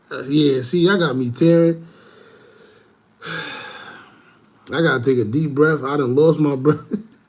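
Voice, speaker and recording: A man's voice: a little high, slow pace, long pauses, slightly rough. A young man, reacting to a video for viewers, breathless, laughing and swearing casually. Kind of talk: casual commentary, talking to viewers.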